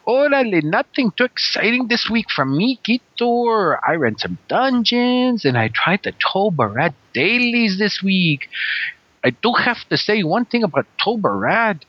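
A man's voice: sits high, very animated, unhurried, no room sound, dull audio, heavily acted. A man with a heavy Mexican Spanish accent, joking through a recorded listener message with Spanish slang. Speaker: listener in audio submission.

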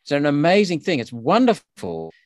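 A man's voice: a little high, huge pitch swings, normal speed, no echo, clean studio sound. An Australian man speaking as a politician guest in a podcast interview, emphatic and indignant with frequent restarts.

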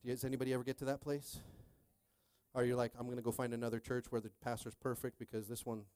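A man preaching a sermon as pastor, telling a personal story animatedly, swinging between hushed and loud, and checking in with the crowd again and again. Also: medium pitch, level tone, quick pace, clean tone, no room sound.

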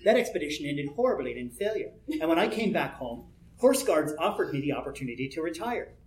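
A man's voice: on the high side, sing-song, fast talker. Chatty man talking in an echoey room. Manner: rambling, chuckling, many "you know" asides. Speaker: panel speaker on role-play personas. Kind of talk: conversational workshop talk.

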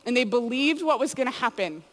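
A woman's voice: a little high, lively intonation, a little fast, a bit bright. Chatty woman preaching in echoing hall. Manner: chatty storytelling with frequent "like" and "you know". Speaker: youth speaker. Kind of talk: casual sermon to students. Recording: long hall reverb.

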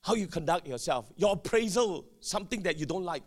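A male pastor, preaching a sermon emphatically with sudden shouted bursts and call-and-response to the congregation. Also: sits high, lively intonation, brisk.

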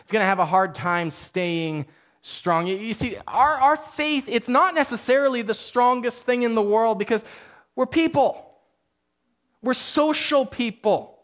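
Man, pastor, high voice, conversational sermon, self-deprecating, restarts a lot, church. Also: a little slow, fairly bright tone. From Canada.

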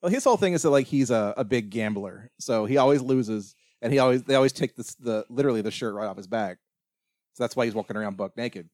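A man hosts a relaxed movie podcast, rambling through the plot with jokes and easy laughter. His voice sits at an average pitch and the sound is dry and close. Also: quick pace, dry recording. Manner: rambling, jokey, laughs often. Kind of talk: casual movie podcast chat.

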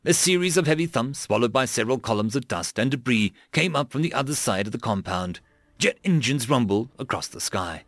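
A man reading military fiction as an audiobook narrator, in a lively, dramatic style. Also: mid-range voice, fairly quick, dry recording, studio quality.

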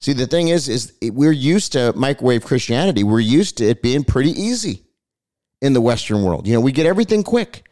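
A man's voice: medium pitch, sing-song, fairly quick, a little mellow. A man hosting a Christian broadcast, preaching his commentary with passion and a repetitive cadence. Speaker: host of a Christian commentary show.

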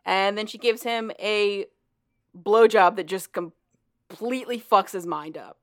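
A woman's voice: mid-range voice, a little slow. Woman casually recapping a story. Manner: animated retelling with profanity and laughter.

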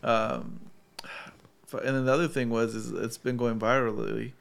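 Give me a young man chatting with friends, laughing a lot and doing loud voices in his stories. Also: mid-range voice, moderate pace, vocal fry. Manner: laughing storyteller, swearing, loud acted quotes. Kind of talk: casual chat.

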